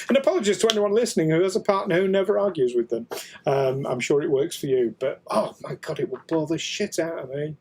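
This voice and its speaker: A man's voice: a little high, lively intonation, quick pace, a little mellow, a little hiss or hum. A British man co-hosting a casual podcast chat, jokey and laughing often. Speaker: co-host.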